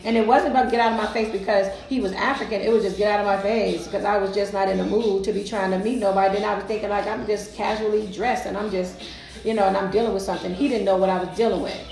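A woman's voice: mid-range voice, fairly even intonation, quick pace, gravelly, a little mellow, roomy sound, low-quality recording. A woman casually telling a personal story, emphatic and colloquial, often repeating herself.

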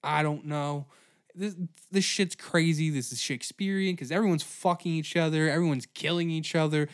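Comic history podcast host, crude and animated, slightly high voice. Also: male voice, normal speed. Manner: profane, laughing, animated riffing. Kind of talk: comedic history monologue.

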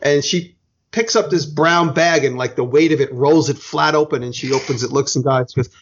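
A man's voice: a little high, steady tone, a little fast. An American man from the United States telling a long anecdote as a podcast host, rambling and self-correcting, with casual swearing. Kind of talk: casual storytelling. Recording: dull lo-fi sound.

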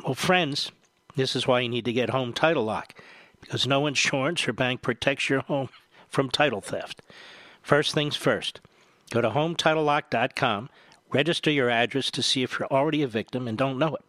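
A man's voice: medium pitch, fairly quick, fairly bright tone, no echo. A man hosting a talk radio show, reading ads in an emphatic way while short of breath.

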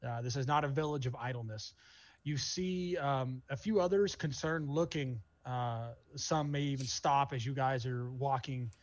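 A man narrating as game master of a tabletop game, casual and halting with many fillers. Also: medium pitch, muffled recording.

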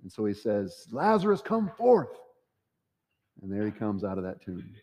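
A man's voice: fairly low pitch, flat delivery, fairly quick, dark tone, long reverb tail. A man preaching a sermon as pastor, acting out the quoted voices with dramatic swings. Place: church sanctuary.

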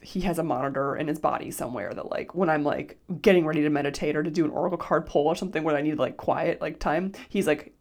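A woman's voice: on the low side, a little mellow. A woman in her thirties, a life coach, hosting her podcast in a casual, chatty solo talk, often slipping into quoted dialogue. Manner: chatty, lots of "like", quotes herself in little voices.

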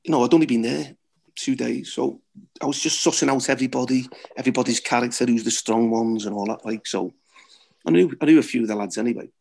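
A man's voice: medium pitch, quick pace, creaky, darkish tone. A middle-aged man, a former footballer, telling blunt, swearing anecdotes and laughing at his own stories. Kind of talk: anecdotal storytelling.

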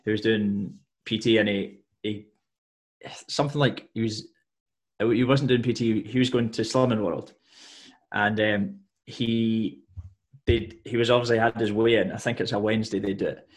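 A man's voice: fairly low pitch, steady tone, normal speed. A man hosting a casual podcast chat, laid-back and telling a story about a client. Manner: laid-back, mostly brief agreement, tells a client anecdote. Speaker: podcast host and personal trainer.

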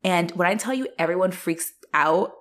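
A young woman co-hosting a podcast, recapping a show in casual chat, animated and profane, laughing as she acts out the characters. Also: on the low side, moderate pace. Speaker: podcast co-host.

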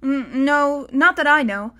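A woman's voice: sits high, a little slow, bright, forceful tone, voice pushed up. A serious, guarded boy, as a woman reader acts him out in a spoken storybook. He hesitates and stumbles over his words, then answers short and firm, in a voice sitting a little above her own. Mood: earnest.

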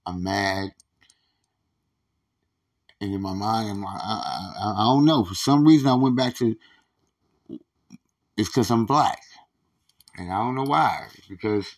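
Gravelly-voiced man ranting with profanity. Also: fairly low pitch, a little slow, long pauses. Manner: profane, repetitive, stammering restarts. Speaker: podcast host. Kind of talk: casual ranting monologue.

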